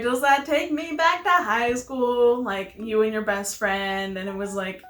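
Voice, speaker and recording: A woman's voice: mid-range voice, a bit bright. A young adult woman chatting casually as she reacts to a game, rambling and laughing easily. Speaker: gaming video host. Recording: roomy echo.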